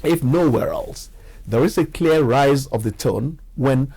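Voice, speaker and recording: A man giving a scripted lesson on English pronunciation and demonstrating sounds with slow, deliberate examples. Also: medium pitch, mellow, slightly rough. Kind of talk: scripted educational narration.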